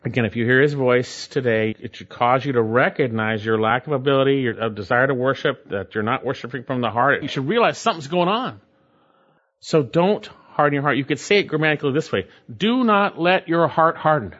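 A man's voice: mid-range voice, a little fast, a bit bright, muffled recording. A pastor preaching an emphatic sermon, his voice climbing when he stresses a point.

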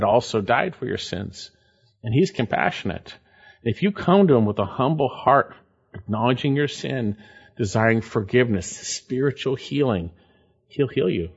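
A man preaching a sermon and reading scripture aloud, with emphatic swings in pitch and loudness. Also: breathy edge, muffled recording. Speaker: pastor.

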